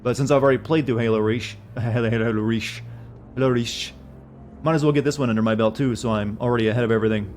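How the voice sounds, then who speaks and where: A male game streamer talking casually to his chat in a rambling, loose way, swearing freely. His pitch sits at an ordinary middle. Faint music plays underneath. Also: darkish tone. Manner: rambling, profane, answers chat messages.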